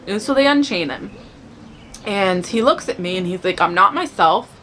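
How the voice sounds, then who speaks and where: Woman telling her testimony, animated. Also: medium pitch, normal speed, a little hiss or hum. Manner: animated, acts out dialogue in the telling. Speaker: guest sharing a faith testimony. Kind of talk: personal testimony, casual storytelling.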